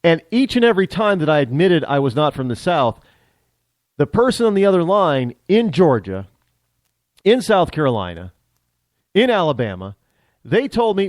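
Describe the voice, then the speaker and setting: Male talk host, northern American accent, lively pitch, dry close recording, rambling monologue. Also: normal speed, long pauses, no room sound. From northern United States. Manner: rambling, with many restarts and repeated words. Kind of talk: casual solo monologue.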